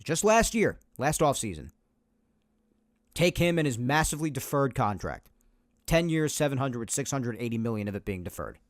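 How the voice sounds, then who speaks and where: A man's voice: mid-range voice, big pitch swings, moderate pace, dry recording. New guy ranting about baseball on his podcast, dry close sound, mid voice. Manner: emphatic, argumentative, repeats points. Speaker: podcast host. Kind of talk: opinionated solo sports talk.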